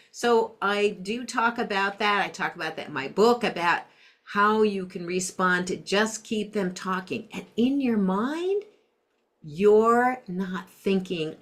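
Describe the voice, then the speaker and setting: Middle-aged woman, parenting expert guest, soft-spoken, conversational. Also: medium pitch, unhurried. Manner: gentle, acts out soft empathetic phrases. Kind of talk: interview conversation.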